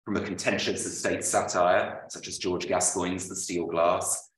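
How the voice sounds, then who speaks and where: A man, an author, reading a prepared lecture aloud at a book launch, with measured, dryly witty delivery. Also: deep voice, flat delivery. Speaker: author presenting his book. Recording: roomy, voice from far off.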